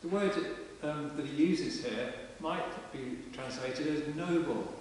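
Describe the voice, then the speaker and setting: A man's voice: a little high, slow pace, a little mellow. A man preaching a sermon in a parish church, in a chatty, plain-spoken way. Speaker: vicar. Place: large stone parish church. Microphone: distant camera mic. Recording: echoey church from far off with hiss.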